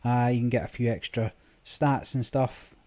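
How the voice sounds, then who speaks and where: A man's voice: mid-range voice, fairly even intonation, normal speed, a little mellow. A man giving casual, rambling commentary on his screen recording, with many fillers. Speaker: gaming vlogger. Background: game music.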